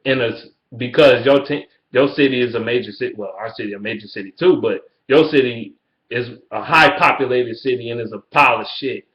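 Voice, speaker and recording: Trash-talking man in an echoey room. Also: fairly quick. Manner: trash-talking, profane, mocking taunts in a high sing-song. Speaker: sports fan vlogger. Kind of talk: ranting fan response video. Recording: echoey room, dull lo-fi sound.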